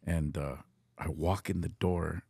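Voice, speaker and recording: Middle-aged male storyteller, very low and husky, earnest and casual, code-switching into Spanish phrases. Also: steady tone, unhurried, mellow, no echo. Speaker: podcast guest.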